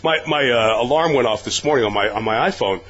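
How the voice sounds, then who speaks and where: A man speaking as a guest on a sports talk radio show, with a measured, analytical delivery. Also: medium pitch, a bit bright, slight background noise. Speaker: guest broadcaster. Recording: slightly dull radio recording.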